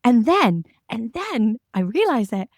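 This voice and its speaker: A woman's voice: fairly high pitch, very animated, a little slow, darkish tone, dry recording, clean studio sound. A woman with a mixed Irish and British accent, a security manager chatting candidly as a podcast guest. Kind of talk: casual interview chat.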